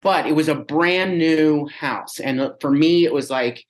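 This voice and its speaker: A man talking as a podcast guest, telling a personal story in an animated, rambling way. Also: fairly high pitch, unhurried. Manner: animated, chatty, rambling with restarts. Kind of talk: casual storytelling chat.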